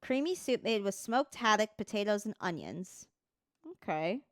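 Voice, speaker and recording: A woman's voice: mid-range voice, lively intonation, moderate pace, no echo, studio quality. A woman streamer chatting casually on a livestream, reading text aloud, swearing freely and stumbling over words as she reads.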